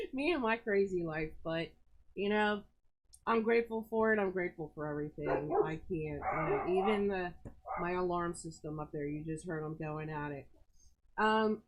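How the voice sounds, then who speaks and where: A woman hosts a casual live stream from her home in the country. She talks in a rambling, excitable way, and her pitch often leaps up high. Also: low-quality recording. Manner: chatty, rambling, excitable with big pitch jumps. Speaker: host of a live sales stream. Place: rural home.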